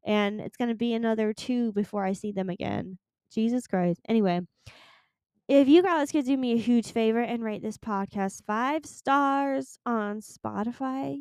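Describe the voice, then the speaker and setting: A woman's voice: on the high side, normal speed, darkish tone, smooth, no room sound, studio quality. A young woman hosting a solo podcast, chatting in a gushing, rambling way and swearing casually. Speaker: podcast host.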